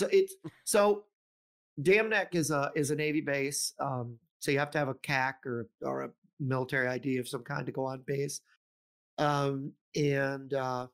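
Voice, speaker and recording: A man's voice: medium pitch, fairly bright tone. A middle-aged man co-hosting a podcast in casual chat, rambling with many fillers and restarts. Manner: rambling, many ums and restarts, laughs often. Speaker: podcast co-host.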